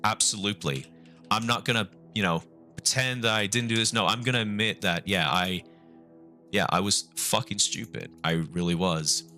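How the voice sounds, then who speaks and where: A young man speaks on a live stream in a fairly low, bright, forward voice. He halts, repeats himself and swears, aiming for a calm, measured tone. Faint music plays behind him. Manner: halting, remorseful, repeats and restarts; swears often. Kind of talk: casual live-stream talk.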